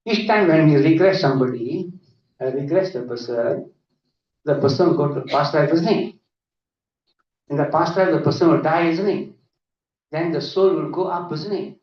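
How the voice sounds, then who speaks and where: A man giving a lively conference lecture full of anecdotes, often asking "isn't it?". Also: a little high, normal speed, long pauses. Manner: animated, often adds 'isn't it?'. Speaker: conference speaker. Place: conference hall. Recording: echoey hall, distant dull mic.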